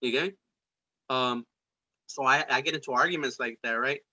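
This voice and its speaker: A podcast host runs a casual talk show of political debate chat, rambling and profane with streetwise slang. His voice is mid-range, bright and forceful at a moderate pace, and the highs are cut off.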